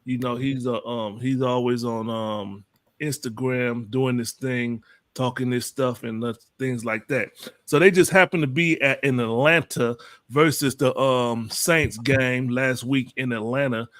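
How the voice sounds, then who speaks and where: An animated man hosts a casual talk show and drives his points home with emphasis. His voice sits in the middle range. It sounds close and dry, with no room around it. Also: measured pace, no room sound. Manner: animated, emphatic, pushes pitch up on quotes. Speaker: podcast host. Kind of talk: casual chat.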